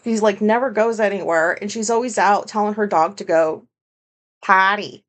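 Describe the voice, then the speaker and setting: A woman hosts her own casual solo podcast, speaking in a candid, rambling monologue packed with fillers and swearing. Her voice is medium-pitched and fairly bright, at a normal speed.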